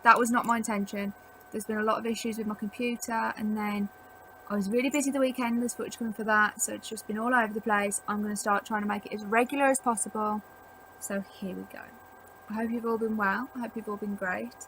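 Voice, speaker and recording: A woman's voice: mid-range voice, fairly even intonation, fast, a bit bright, a little hiss or hum, rough recording. A young woman chatting casually to camera at home, rambling with lots of "like" as she gives tips. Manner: rambling, chatty, filler-heavy with frequent "like". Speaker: vlogger. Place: at home indoors.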